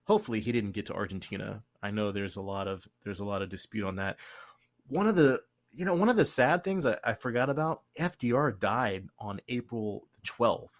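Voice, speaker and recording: A young man hosting a casual podcast chat, rambling and joking with quick asides. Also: lowish voice, expressive. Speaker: podcast host.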